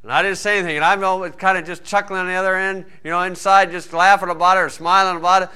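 A man preaching a sermon in a folksy storytelling way, swinging between loud emphasis and quiet asides. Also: high voice, steady tone, fast, smooth.

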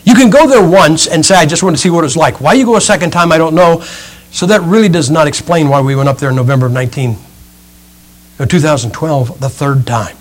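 High-pitched pastor guy spinning a story from the pulpit, acts it all out. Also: fast talker. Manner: animated storyteller acting out scenes with sound effects. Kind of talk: sermon illustration, storytelling. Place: church, speaking from a pulpit.

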